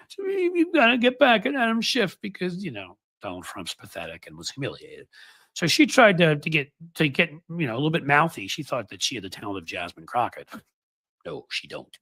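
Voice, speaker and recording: A man's voice: medium pitch, pushed and bright. A man hosting a livestream of political commentary, sarcastic and mocking.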